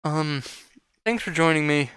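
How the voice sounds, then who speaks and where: Tired, rambling man with smooth voice. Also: mid-range voice, fairly even intonation, moderate pace, fairly bright tone, dry recording. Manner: rambling, tongue-tied, filler-heavy. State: tired after work. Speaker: gaming YouTuber. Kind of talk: casual rambling outro chat.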